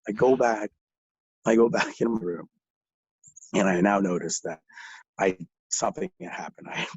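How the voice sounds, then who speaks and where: A man's voice: lowish voice, breathy edge, no room sound, poor audio. A young man telling rambling stories in casual chat, laughing through them and swearing a lot. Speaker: guest.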